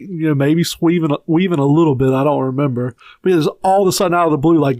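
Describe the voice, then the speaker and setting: A man's voice: fairly high pitch, a little mellow, no echo. Crude, laughing podcast co-host, a man. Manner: crude jokes, laughs often, brief backchannels. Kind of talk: casual chat.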